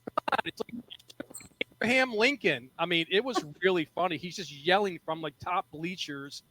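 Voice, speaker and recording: A man's voice: sits high, normal speed, sharp tone, low-quality recording. A male comedian guest in casual podcast chat, rambling and repeating himself as he talks. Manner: loose, rambling, repeats words.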